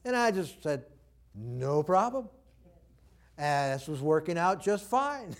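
A man's voice: fairly high pitch, very animated, slow pace. A preacher telling a personal story in a sermon, talking conversationally and acting out the people he quotes. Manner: conversational, acts out quoted dialogue.

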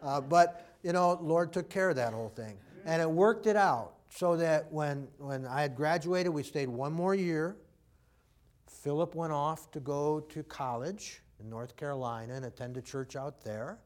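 A man's voice: on the high side, a little slow. A preacher telling a personal story in a sermon, talking conversationally and acting out the people he quotes. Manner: conversational, acts out quoted dialogue.

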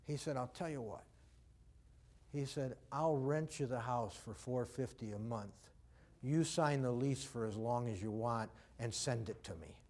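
A man's voice: mid-range voice, unhurried, darkish tone. A preacher telling a personal story in a sermon, talking conversationally and acting out the people he quotes. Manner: conversational, acts out quoted dialogue.

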